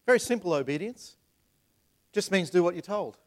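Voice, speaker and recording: Animated pastor preaching. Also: male voice, high voice, normal speed. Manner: animated, rhetorical questions, repeats words; acts out voices in retold scenes. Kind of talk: sermon.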